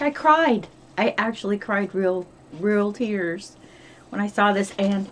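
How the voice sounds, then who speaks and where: A woman's voice: medium pitch, a little hiss or hum. Chatty middle-aged American woman, swearing freely. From upstate New York. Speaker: vlogger. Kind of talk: casual diary vlog.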